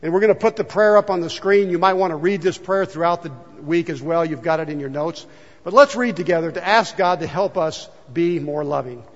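A man's voice: a little high, brisk. A male pastor preaching a conversational sermon in a church, asking the congregation questions and leading a prayer. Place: church sanctuary. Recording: dull sound with long hall reverb.

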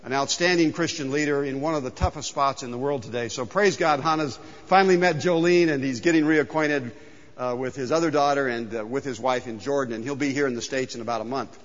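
A man preaching a sermon as pastor in a church, telling a folksy story with lively exclaimed punchlines. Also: mid-range voice, a little fast, in a large hall, highs cut off. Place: church sanctuary.

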